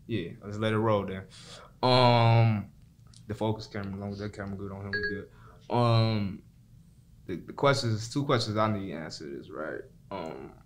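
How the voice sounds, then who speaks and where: A man's voice: on the low side, normal speed, slight background noise. A man hosting a podcast interview, with short agreeing replies and plain, easygoing questions. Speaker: podcast host. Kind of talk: casual interview talk.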